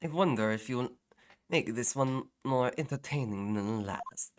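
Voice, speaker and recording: A woman's voice: very deep voice, expressive, moderate pace. A woman voicing a haughty young woman prosecutor with a put-on French-sounding accent, sneering and contemptuous.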